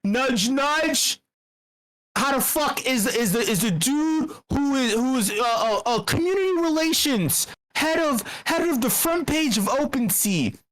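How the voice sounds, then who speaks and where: A woman's voice: sits high, expressive, normal speed, hardly any pauses, poor audio. A woman giving a heated, profane rant in an online voice channel, blunt and repeating herself when she gets going. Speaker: speaker at a community meetup.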